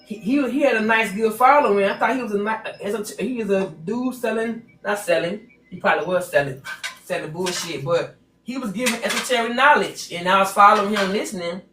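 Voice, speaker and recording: A woman's voice: medium pitch, fairly quick, fairly bright tone. Woman on a phone livestream going off, cussing a lot, echoey room w/ faint music behind. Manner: blunt, profane, fired-up. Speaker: livestream host. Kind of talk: heated livestream rant. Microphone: phone on a stand.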